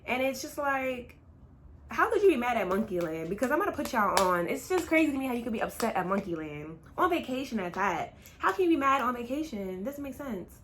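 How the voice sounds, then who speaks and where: Animated young woman telling a story. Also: on the high side, slight background noise. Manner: animated, chatty, talks straight to viewers; dramatic retelling, swings between fast and drawn-out. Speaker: vlogger. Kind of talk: casual storytime.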